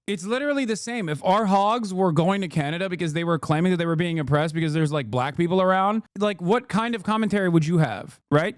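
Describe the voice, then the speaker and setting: A man's voice: high voice, no echo, clean studio sound. A man in his thirties streaming live political commentary, mocking and profane, with lots of animation.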